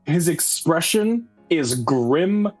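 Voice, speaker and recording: A man's voice: a little high, lively intonation, slow pace. A man running a tabletop game as dungeon master, narrating a scene in a loose, casual way with many fillers. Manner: casual, full of "like" and restarts. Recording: faint background music.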